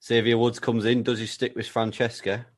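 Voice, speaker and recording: A man co-hosting a podcast, building an absurd story with a deadpan, playful delivery. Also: medium pitch, moderate pace. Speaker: podcast co-host. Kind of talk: comedic storytelling chat.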